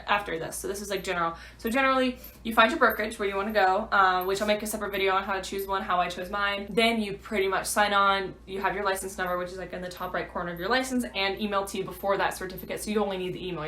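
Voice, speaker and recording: A woman's voice: mid-range voice, fairly bright tone. A woman, a new realtor, chatting through a rambling vlog update full of fillers. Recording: echoey room.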